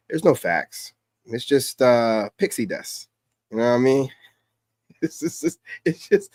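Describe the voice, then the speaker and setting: A man's voice: medium pitch, animated, moderate pace, darkish tone, no room sound, clean studio sound. A man giving brash, mocking casual commentary over a podcast clip, repeating himself as he reacts. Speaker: reaction streamer.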